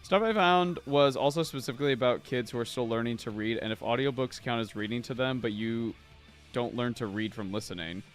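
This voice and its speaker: A man's voice: mid-range voice, brisk, soft background music. A man co-hosting a podcast, chatting casually and reading out viewer comments in a loose, rambling, profane way. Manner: loose, rambling and profane, with lots of "like" and "I don't know". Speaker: podcast co-host.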